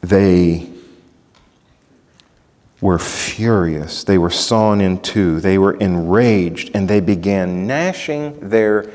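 A man's voice: sits low, takes it slowly, darkish tone, long reverb tail. A man preaching a sermon, emphatic and building in intensity through repetition. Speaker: pastor.

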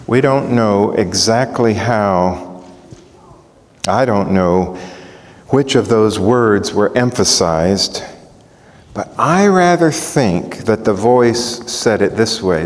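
Slow and medium in pitch, a man preaches from the Bible with animation, pausing to put questions to his listeners. The sound carries the echo of a large hall.

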